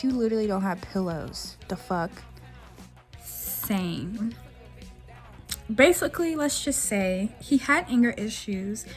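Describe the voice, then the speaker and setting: A young woman in her twenties telling a blunt, profane storytime rant in a casual vlog. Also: fairly high pitch. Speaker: vlogger. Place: dim room at home.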